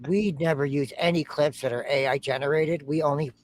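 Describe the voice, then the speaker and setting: A man's voice: fairly high pitch, fairly even intonation, fairly quick, a little hiss or hum. A man co-hosting a reaction show, chatting casually and joking, humming to himself while he searches for clips.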